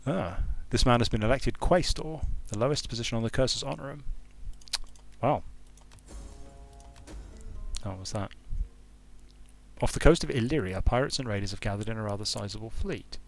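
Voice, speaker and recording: A young man's medium-pitched, expressive voice moves at a moderate pace, creaky and marked by long pauses, with soft music in the background. He's a game designer streaming a strategy game from a hot room at home, rambling and thinking aloud as he cuts himself off mid-sentence.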